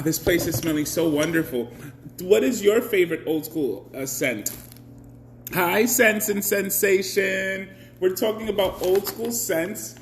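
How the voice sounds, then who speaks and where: A man's voice: high-pitched, a little hiss or hum. A man hosting a casual live stream, chatty, greeting viewers by name and laughing often.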